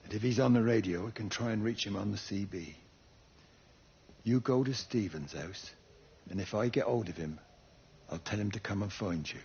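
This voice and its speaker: A man voicing a steady, reassuring village man. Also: lowish voice, normal speed, dull audio, a little hiss or hum, lightly acted. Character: calm helpful village man.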